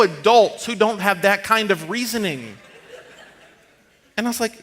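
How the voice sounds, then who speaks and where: A man in his thirties preaching a sermon, telling personal stories in a conversational, animated way and dropping to a hushed tone for serious moments. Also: high-pitched, a little slow. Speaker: pastor. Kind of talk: storytelling sermon. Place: church stage.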